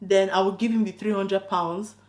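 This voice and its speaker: A woman YouTuber telling a story in casual vlog chat, animated and incredulous, with bursts of emphasis. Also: medium pitch, normal speed.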